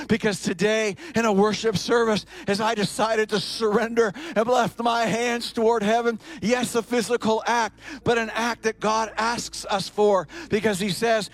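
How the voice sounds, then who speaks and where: A man preaching a sermon to a congregation, building to shouted, fervent emphasis. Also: sits high, fairly even intonation, moderate pace, soft background music. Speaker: pastor. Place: church service in front of a congregation.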